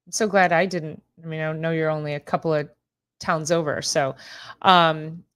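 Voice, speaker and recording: A rambling, chatty woman in middle age with a voice a shade lower than most, hosting a relaxed live stream. She laughs easily and chats straight to her viewers as she goes. Her talk is casual and loose, with lots of small asides. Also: normal speed, smooth. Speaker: host, chiropractor.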